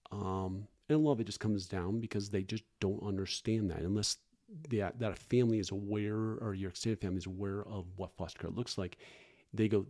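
A middle-aged man, a foster parent, talking candidly and earnestly as a podcast guest, often pausing and restarting. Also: on the low side, fairly even intonation, dark tone. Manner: earnest, halting, frequent restarts and fillers.

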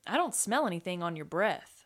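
A woman's voice: fairly low pitch, big pitch swings, brisk, a bit bright. A woman voicing a brash female pirate deckhand who hollers pirate slang and scolds her crewmate. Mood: exasperated.

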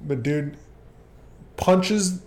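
A man telling a work story in relaxed casual chat, laughing often as he goes. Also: a little high, very slow. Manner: laid-back, laughs while telling stories. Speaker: podcast co-host.

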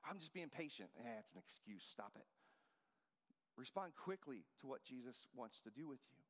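A man's voice: medium pitch, lively intonation, normal speed. Man preaching in a reverberant hall. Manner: conversational storytelling preaching. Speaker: pastor. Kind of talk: sermon.

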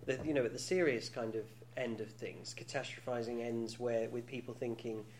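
A man's voice: mid-range voice, steady tone, normal speed, darkish tone, slight background noise. A man in his thirties co-hosting a podcast, talking candidly in casual chat with many restarts and frequent laughs. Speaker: podcast co-host.

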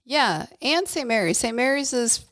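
A woman's voice: a little high, animated, moderate pace, a bit bright. A woman co-hosting a podcast, chatting casually and agreeably, often chiming in with short replies. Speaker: podcast co-host. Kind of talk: casual chat.

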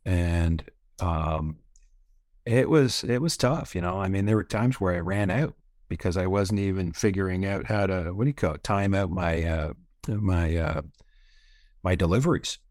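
On a podcast, a middle-aged man from Canada recounts his life at a moderate pace, his voice sitting very low. He wanders freely, curses without hesitation, and leans heavily on fillers like "you know," all captured in a dry recording without room sound.

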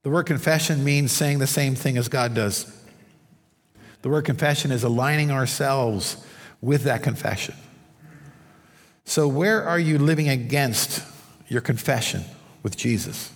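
A man's voice: mid-range voice, measured pace, long pauses. Man preaching in a reverberant church. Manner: conversational preaching with stories and asides. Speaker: pastor. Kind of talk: sermon. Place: church sanctuary under stage lights. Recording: long hall reverb.

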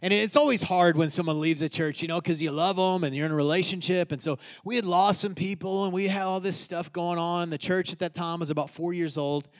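A pastor shares a personal story during his sermon, swinging from loud, forceful lines to soft, hushed ones. His voice is high and fairly even in intonation, and he speaks briskly with almost no pauses.

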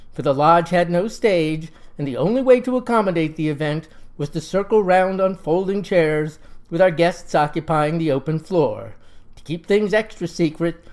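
Folksy deadpan Southern storyteller man. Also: on the high side. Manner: folksy, deadpan, mock-solemn. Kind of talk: comic folksy narration.

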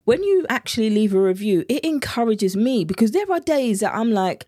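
A woman's voice: medium pitch, big pitch swings, brisk, hardly any pauses, a little mellow, dry recording, studio quality. A British woman hosting her own podcast as a meal planning coach, talking in an earnest, heartfelt, chatty way. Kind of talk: solo podcast talk.

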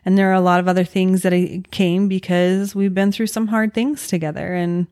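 A middle-aged woman hosting a podcast and talking with her son in a warm, encouraging way. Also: lowish voice, little pitch movement, moderate pace, dry recording, clean studio sound. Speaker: podcast host, mother. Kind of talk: casual chat.

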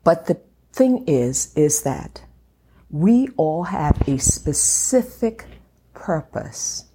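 A middle-aged woman hosting a faith podcast from her home, talking in an encouraging way and slowing down to stress her points. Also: deep voice, big pitch swings, mellow, slight background noise. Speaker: podcast host. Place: home room at a glass table.

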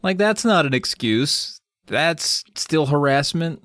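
A man's voice: a little high, expressive, slow, a bit bright, dry recording, studio quality. A young adult man co-hosting a podcast, casually joking and animatedly retelling film scenes. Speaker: podcast co-host. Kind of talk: casual chat.

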